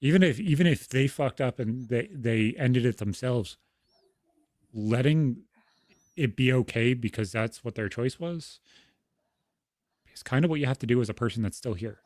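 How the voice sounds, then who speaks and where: A man's voice: medium pitch, moderate pace, long pauses, darkish tone, no echo, studio quality. A young man on a podcast, talking frankly and swearing constantly as he tells stories from home. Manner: frank, heavy swearing, storytelling. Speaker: podcast co-host. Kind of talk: casual podcast conversation.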